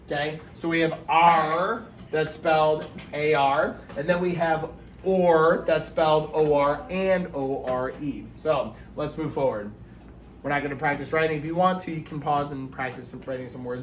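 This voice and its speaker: Man teaching phonics in an echoey room. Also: on the high side. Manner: patient, explains step by step, sounds words out. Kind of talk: phonics lesson for young children. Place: classroom. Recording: echoey room with faint noise.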